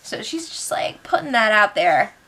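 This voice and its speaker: A woman's voice: mid-range voice, big pitch swings, moderate pace, sharp tone, breathy edge. A young woman hosting a casual recap show, chatty and sarcastic, laughing often and acting out what people said.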